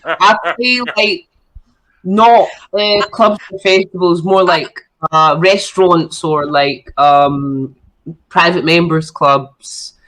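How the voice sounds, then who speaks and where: A woman's voice: on the low side, slow pace, fairly bright tone, rough recording. A woman chatting as a radio show guest, talking in a loose, filler-heavy way. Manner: chatty, lots of fillers and likes. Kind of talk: casual radio chat.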